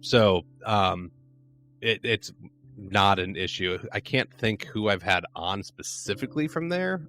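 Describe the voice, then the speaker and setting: Man, low voice, near-neutral American accent with a faint Chicago edge, loose rambling chat. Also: a bit bright. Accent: near-neutral American with a slight Chicago twinge. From Arizona, United States. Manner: rambling, lots of "like" fillers and restarts. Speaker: podcast guest, flooring business owner. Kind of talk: casual conversation.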